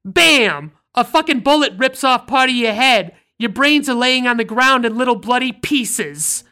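A woman's voice: fairly high pitch, a little slow, a bit bright, clean tone. A woman voicing a feisty young woman, ranting at her boyfriend in an impassioned monologue. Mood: indignant ranting.

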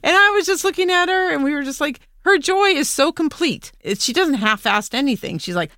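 A woman's voice: high voice, lively intonation, brisk, bright, forceful tone, no room sound, clean studio sound. A woman co-host in casual chat who laughs often. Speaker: podcast co-host.

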